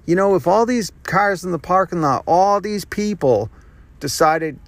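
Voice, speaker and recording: A man's voice: on the high side, animated, normal speed, dry recording. A man hosting his own podcast, delivering a rambling, sarcastic and profane solo rant. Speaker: podcast host. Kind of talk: ranting monologue.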